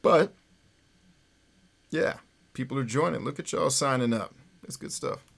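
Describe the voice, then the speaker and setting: A man's voice: medium pitch, unhurried, vocal fry, fairly bright tone, husky. A man hosting a casual livestream, talking loosely, often checking in with "right?", and swearing when he gets worked up. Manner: former radio voice for phone numbers. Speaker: livestream host.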